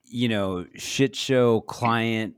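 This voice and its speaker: Halting, filler-heavy male co-host. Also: medium pitch, smooth, no echo. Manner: drawn-out, halting questions full of fillers. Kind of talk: casual podcast interviewing.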